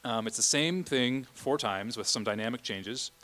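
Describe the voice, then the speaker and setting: A man's voice: mid-range voice, moderate pace, pushed and bright. A man leading a church choir rehearsal, explaining the music patiently and often checking in with the singers. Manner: explanatory, keeps checking in with "okay?". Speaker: choir director. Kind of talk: rehearsal instruction.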